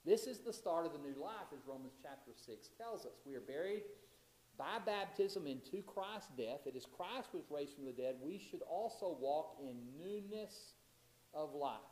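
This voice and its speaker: A man with a somewhat high voice teaches a Bible lesson in a church room that has a clear echo. He reads scripture aloud and then explains it in his own words, often restarting a phrase as he goes. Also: expressive, moderate pace, darkish tone. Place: church classroom.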